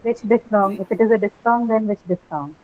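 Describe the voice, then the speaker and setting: Woman teaching a pronunciation class, middle pitch, repeats words patiently; slightly dull recording. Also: fairly quick. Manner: patient, spells words out letter by letter and repeats them. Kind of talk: live class instruction.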